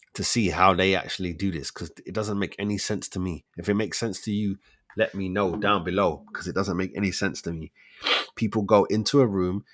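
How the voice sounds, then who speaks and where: A man's voice: deep voice, a bit bright. A man, hosting a casual solo commentary show, firing off rhetorical questions in street slang. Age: 40s. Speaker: host of a debate show.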